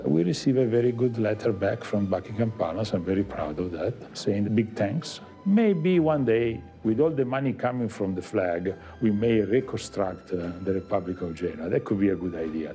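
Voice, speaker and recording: Italian-accented man, warm low voice, faint music under him. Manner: earnest, proud, joking. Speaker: interviewee. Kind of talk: casual interview talk.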